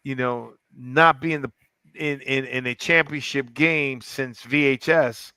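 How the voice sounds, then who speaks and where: A man hosting a casual sports podcast, talking in an animated, rambling way with many restarts. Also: medium pitch, unhurried, clean tone, no echo. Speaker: podcast host. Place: club in downtown Fort Lauderdale.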